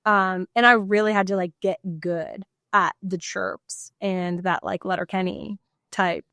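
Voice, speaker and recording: A woman from Canada, chatting as a guest and telling animated stories. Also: medium pitch, measured pace, no room sound. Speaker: guest, former CEO. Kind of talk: casual interview chat.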